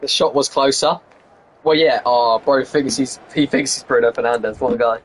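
A young man live-streaming a football video game, bantering with teammates over voice chat and shouting at the plays. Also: medium pitch, normal speed.

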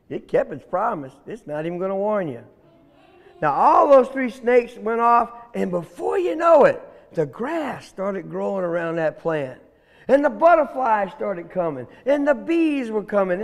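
A man tells a folk tale with great animation and speaks straight to his listeners. His voice is high for a man and swings widely in pitch. A long reverb hangs behind him. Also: measured pace. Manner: animated, addresses listeners directly. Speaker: storyteller.

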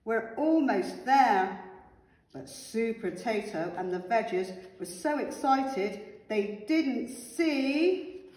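A woman teacher reading a picture book aloud to her class, with animated, expressive storytelling. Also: fairly high pitch, takes it slowly. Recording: echoey room with long reverb.

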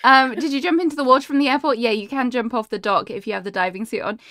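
A woman's voice: a little high, quick pace, pushed and bright, no echo, studio quality. A young woman chatting casually on a live game stream, giggling and greeting viewers by name. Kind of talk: casual live-stream chat while gaming.

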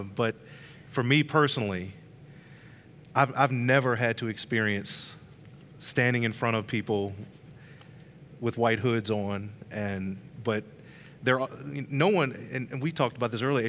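A man from Charles City County responds in a reflective, gentle way. His voice sits at an ordinary middle pitch. A faint rumble runs under the recording. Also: normal speed. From Charles City County, Virginia.

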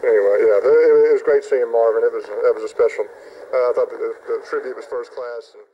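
A man making brief informal remarks at church, halting and plain-spoken. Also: mid-range voice. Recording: dull muffled sound with faint background noise.

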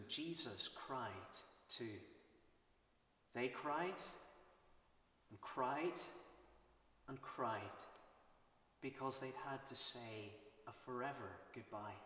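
A man with a Northern Irish accent reading a children's Bible storybook aloud, slow and expressive with dramatic pauses. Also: medium pitch. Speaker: church reader. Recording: roomy, reverberant, from a distance.

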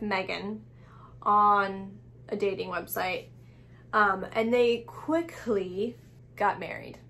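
A woman's voice: mid-range voice, a bit bright, slight background noise. A woman host telling a true crime story in a casual, comedic way, full of crude sarcastic asides.

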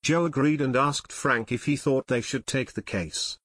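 A man narrating an adventure audiobook in a measured, even storytelling voice on a close mic. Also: mid-range voice, no room sound.

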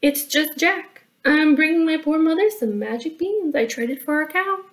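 Earnest little storybook boy, higher voice, woman reading. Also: moderate pace, natural voice. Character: naive young boy.

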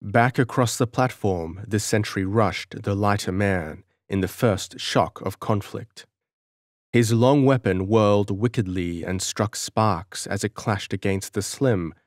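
Slow, low-voiced male audiobook narrator. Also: no echo, clean studio sound. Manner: measured, dramatic storytelling.

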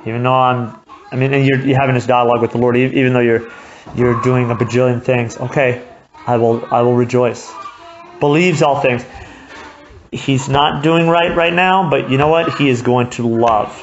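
A woman's voice: rumbling low, normal speed, dull audio, faint music behind. A woman preaching a sermon at a church gathering, talking in a conversational way and acting out the voices she quotes.

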